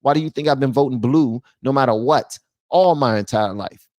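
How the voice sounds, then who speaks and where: A man hosting his own channel, giving blunt, animated commentary and talking straight to his viewers. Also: medium pitch, normal speed, no room sound. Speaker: channel host. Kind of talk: casual political commentary.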